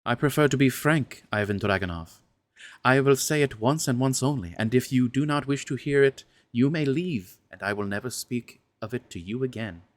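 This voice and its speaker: A man voicing a frank, seductive aristocratic woman, speaking in a husky, formal and measured way in a storybook reading. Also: mid-range voice, lively intonation, no echo, natural voice. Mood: intimate, pleading.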